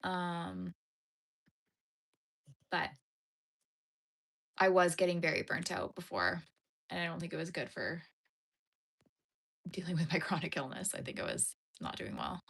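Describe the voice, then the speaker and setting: A woman's voice: on the low side, lively intonation, unhurried, gravelly, pauses often, a bit bright. A young woman streaming live as she crochets, chatting with her viewers and getting tearful over sad dog movies. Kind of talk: casual live-stream chat while crocheting.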